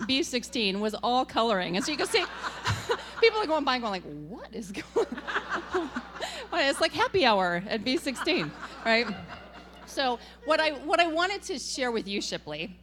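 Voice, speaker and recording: A woman giving a tribute speech at a gathering, telling animated stories and laughing often. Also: a little high, slight background noise. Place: event gathering.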